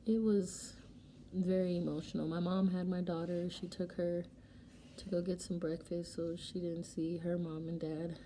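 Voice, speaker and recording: Young woman vlogger, warm low voice, emotional chatty storytelling, light background hiss. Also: moderate pace. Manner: emotional, animated retelling with quoted dialogue. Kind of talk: casual storytelling while doing makeup. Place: home, getting ready.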